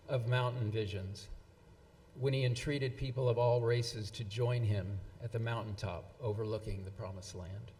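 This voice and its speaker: An event presenter gives a speech at an anniversary event, reading quotes with lots of fillers and restarts. His mid-range voice is a little mellow, and the recording carries a long hall reverb.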